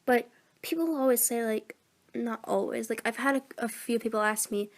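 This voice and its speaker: A teenage girl chatting aimlessly into her phone mic, meandering and a little self-deprecating. Her voice sits somewhat high for a woman, and she sounds a bit under the weather. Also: fairly even intonation, normal speed. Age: teens. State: sick. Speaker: voice actor vlogger. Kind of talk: casual rambling vlog.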